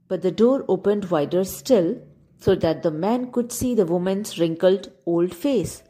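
A woman's voice: medium pitch, measured pace. A woman reading a children's story aloud as storyteller, speaking to the kids. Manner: expressive, addressing kids.

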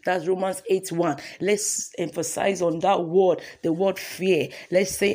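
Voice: medium pitch, steady tone, measured pace, few pauses, darkish tone. A devotional host leading a morning sermon, fervent and repetitive, calling listeners to repeat affirmations.

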